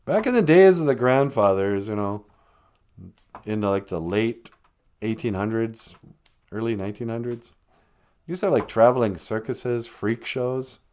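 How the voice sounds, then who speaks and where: Male comic host, animated jokey storytelling, middling pitch with big swings. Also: normal speed, long pauses. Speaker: comedian host. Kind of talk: comic live-stream storytelling.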